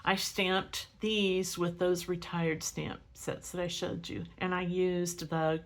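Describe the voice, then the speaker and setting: A woman's voice: fairly low pitch, level tone, slow pace. A middle-aged woman showing her stamped cards in a casual crafting tutorial at home, chatty and rambling, often correcting herself. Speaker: craft demonstrator. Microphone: camera on a stand.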